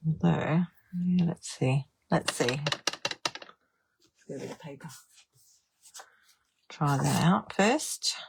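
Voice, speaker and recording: A woman's voice: low voice, extremely slow, vocal fry, long pauses, heavy background noise. A woman demonstrating card making on a live stream, chatting and thinking aloud as she decides. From Australia. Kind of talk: live crafting stream chat.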